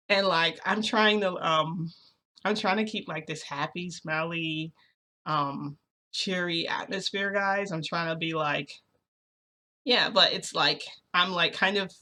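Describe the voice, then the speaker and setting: A woman's voice: fairly low pitch, measured pace, bright, forceful tone. A young woman vlogger telling a story in a rambling way, full of fillers and restarts. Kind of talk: storytime narration.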